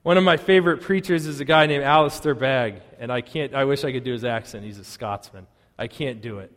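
A man preaching a sermon as pastor in a church, earnest, pausing often and dropping to a hushed voice on key phrases. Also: medium pitch. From United States. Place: church sanctuary. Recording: long hall reverb.

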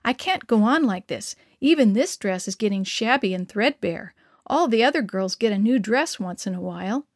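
A woman's voice: mid-range voice, lively intonation, normal speed, no echo, studio quality. A woman voicing an earnest, pleading young schoolgirl from a poor family in a children's story.

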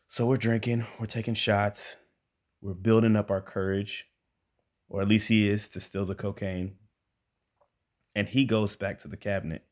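Deep-voiced man telling a wild story. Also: normal speed, pauses often. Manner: animated, conversational, addresses listeners directly. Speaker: storyteller and podcast host. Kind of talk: comic personal storytelling.

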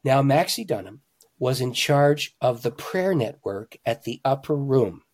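A man, a pastor and author, telling stories in an interview with animated emphasis, swinging between loud, excited lines and hushed ones. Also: medium pitch, unhurried, breathy edge. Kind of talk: conversational storytelling.

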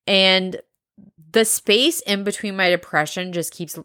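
A woman hosting a casual solo podcast, talking bluntly with lots of swearing and rambling asides while high. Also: expressive, normal speed, pushed and bright, clear, resonant tone, no room sound, studio quality. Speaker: podcast host.

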